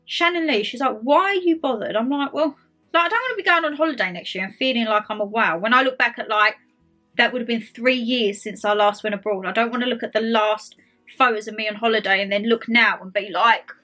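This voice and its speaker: A woman's voice: a little high, fairly quick, bright, forceful tone, faint music behind. A young woman chatting casually to camera, bubbly and talkative, full of quoted asides. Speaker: vlogger host. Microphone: tablet camera.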